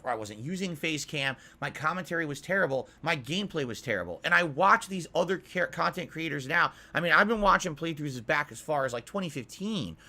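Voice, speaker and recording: Exasperated ranting man, fairly high voice. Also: sharp tone. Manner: exasperated, repetitive, swearing. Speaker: YouTuber. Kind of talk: ranting monologue.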